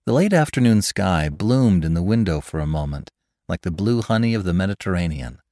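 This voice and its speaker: A man narrating a classic novel as an expressive audiobook reading. His voice sits low but moves a great deal in pitch. The recording is dry and close, with no room sound. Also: fairly quick, no room sound.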